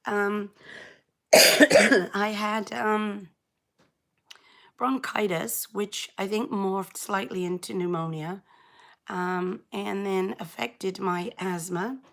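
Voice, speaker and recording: A middle-aged woman with a croaky, gravelly, hoarse voice hosts a relaxed live stream. She rambles in a chatty way and greets her viewers by name, at an ordinary pitch. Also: extremely slow, pauses often. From England. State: hoarse, croaky after illness. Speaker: knitting channel host. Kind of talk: casual live-stream chat.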